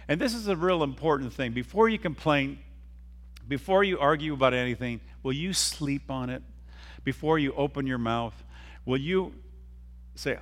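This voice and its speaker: A middle-aged man preaches with emphatic energy, his voice sitting a little higher than most men's. He acts out the voices of the people he quotes and has his listeners repeat lines after him. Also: animated, normal speed, a bit bright. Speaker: pastor. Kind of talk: sermon.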